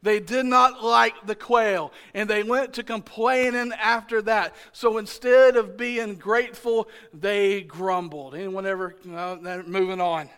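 A male pastor delivering a lively sermon in a strikingly high voice for a man. He jokes and teases the congregation, then climbs into loud, emphatic shouts to drive each point home. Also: unhurried, hardly any pauses, clear, resonant tone. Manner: animated, joking, playfully exasperated.

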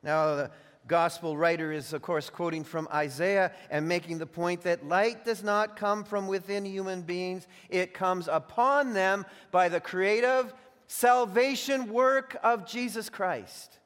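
High-voiced pastor preaching in a reverberant hall. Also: male voice, a bit bright, clear, resonant tone. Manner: emphatic preaching, slows and stretches key phrases, restarts with doubled words. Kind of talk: sermon. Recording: long reverb of a large hall.

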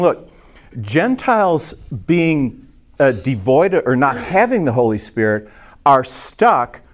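A man teaching a church class in a casual, conversational sermon style, self-deprecating, with many fillers and restarts. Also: medium pitch.

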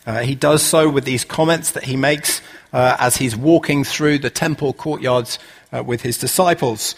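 A man preaching a relaxed, conversational sermon, full of "uh" fillers and rhetorical questions. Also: medium pitch, normal speed.

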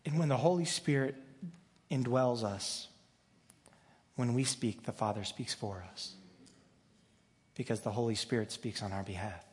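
Conversational pastor in a reverberant church. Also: male voice, mid-range voice, measured pace, pauses often, a little mellow. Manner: conversational and joking, with frequent restarts. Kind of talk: sermon. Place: church sanctuary.

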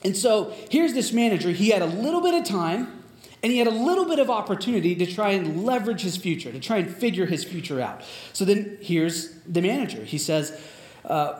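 A man's voice: sits high, very animated, fairly quick, darkish tone. A man preaching a sermon in a casual, conversational way, retelling a story with plenty of fillers. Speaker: pastor. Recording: echoey room.

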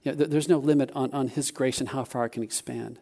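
A man preaching a sermon, telling a personal story in an animated way with many restarts. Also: medium pitch, fast talker, gravelly.

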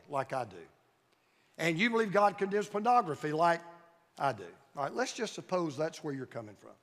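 High-voiced male pastor preaching in a reverberant hall. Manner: emphatic preaching with repeated phrases. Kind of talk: sermon. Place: church sanctuary.

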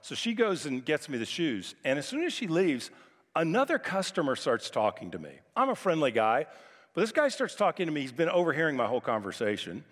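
A man's voice: fairly high pitch, very animated, fairly quick, fairly bright tone. Man preaching in a reverberant hall. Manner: conversational, humorous storytelling. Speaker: pastor. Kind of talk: sermon.

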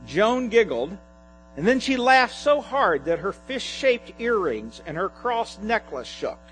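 A man preaching a sermon, reading a humorous sketch aloud in an animated storytelling manner. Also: sits high, a little slow, faint music behind, low-quality recording. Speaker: pastor.

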